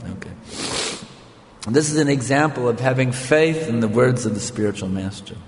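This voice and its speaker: An older male spiritual teacher with a gravelly voice tells a story in a sermon. He keeps checking in with his listeners in a conversational way. A long hall reverb trails his words. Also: medium pitch, darkish tone, a little hiss or hum.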